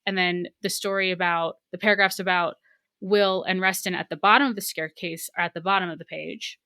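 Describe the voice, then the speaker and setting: Bright, chatty woman podcast host. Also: fairly low pitch, brisk, clean tone, no echo, clean studio sound. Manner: animated, chatty, many likes and restarts. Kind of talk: casual book club discussion.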